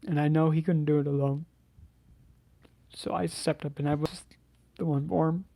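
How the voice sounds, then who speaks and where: A man telling a personal story to camera in a halting, hesitant way, with many restarts and sighs. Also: fairly high pitch, fairly even intonation, creaky, mellow, slight background noise. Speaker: channel host.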